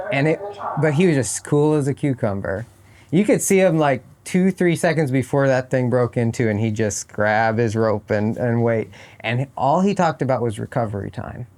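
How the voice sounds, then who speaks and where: A man's voice: mid-range voice, a little mellow, slight background noise. A man talking as a guest on a podcast, thoughtful and often restarting his phrases, at a horse competition. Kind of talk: casual interview chat.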